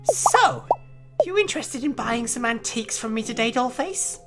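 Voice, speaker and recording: Woman voicing a gossipy old British shopkeeper granny, lively swooping pitch, pet names, game voice, loud jazz underneath. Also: normal speed, loud music behind the voice. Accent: put-on British. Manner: folksy, calls people pet names. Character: chatty old woman antique shop owner.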